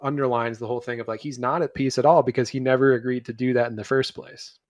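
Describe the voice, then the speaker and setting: A man co-hosting a podcast, recapping a movie plot in a loose, rambling way with fillers, his voice dropping quiet at the ends of phrases. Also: medium pitch, little pitch movement, fast talker, no room sound. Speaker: podcast co-host. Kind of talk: casual movie review chat.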